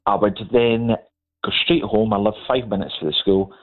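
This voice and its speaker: A man's voice: fairly low pitch, normal speed. Man, Scottish accent, middle-aged, chatty, laughs through stories, thin phone-line audio. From Scotland. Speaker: guest. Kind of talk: casual storytelling chat.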